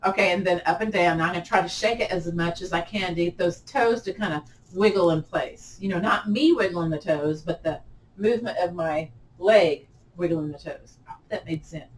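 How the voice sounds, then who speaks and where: A woman teaching a gentle yoga class, chatty and encouraging, often laughing at herself. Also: on the low side, normal speed, roomy sound, far from the mic, rough recording. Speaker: yoga instructor.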